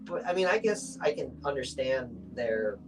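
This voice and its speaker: A man's voice: mid-range voice, expressive, normal speed, over music, poor audio. Young man chatting loosely, full of fillers. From United States. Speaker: artist guest. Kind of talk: casual interview chat.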